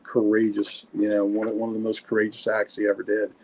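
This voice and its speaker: A man's voice: fairly low pitch, completely flat delivery, fast, a little mellow. A man co-hosting a comics podcast, chatting casually and telling a story with enthusiasm. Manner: enthusiastic, storytelling, frequent fillers. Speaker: podcast co-host.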